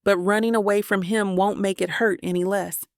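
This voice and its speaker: Read by a woman, this is a caring adult friend in an audiobook who presses her point in a firm, coaxing way. Her voice carries a gravelly texture in a dry, close recording. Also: medium pitch, steady tone, normal speed, no echo, close to an everyday voice. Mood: pleading.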